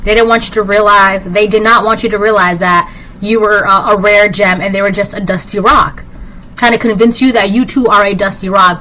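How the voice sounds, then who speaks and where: Chatty woman with a bright voice. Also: mid-range voice, fairly even intonation, fairly quick, a little hiss or hum, rough recording. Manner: rambling, filler-heavy, with frequent "like" and "um". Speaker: tarot reader. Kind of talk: casual collective tarot reading.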